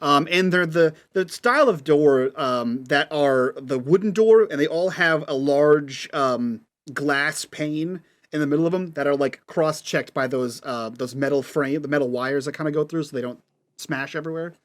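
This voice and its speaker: A man narrating a tabletop role-playing game as game master, in a relaxed way with many fillers. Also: on the high side, normal speed. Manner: relaxed, lots of ums and likes.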